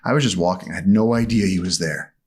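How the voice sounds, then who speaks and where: A man as a podcast guest, telling animated stories and acting out the voices in them. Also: sits low, fast talker, breathy edge. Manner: vivid, acts out voices in his stories. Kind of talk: animated storytelling in conversation. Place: studio.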